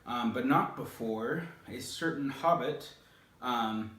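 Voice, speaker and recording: A man's voice: mid-range voice, slow pace, a bit bright. A man hosting, casually telling a rambling story with lots of hesitant fillers, recorded in an echoey room some way from the mic. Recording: roomy, distant mic.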